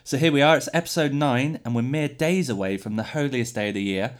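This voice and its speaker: English man, podcast host, deadpan jokes, casual chat. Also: medium pitch, brisk. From England. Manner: joking, deadpan absurd patter.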